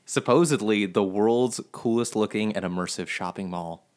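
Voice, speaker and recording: A man's voice: lowish voice, normal speed. A man co-hosting a casual podcast, wry and teasing in his remarks. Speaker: podcast co-host.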